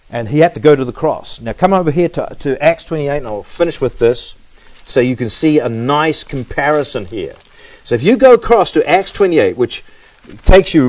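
A man preaching, reading Bible verses aloud and then explaining them with animated emphasis. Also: a little high, dull audio. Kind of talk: Bible teaching sermon.

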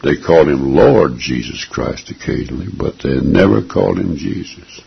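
A man preaching with a very deep, gravelly and raspy voice, slow and deliberate. He is earnest and emphatic, repeating key phrases for weight. The recording is dull and lo-fi. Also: animated. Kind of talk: sermon.

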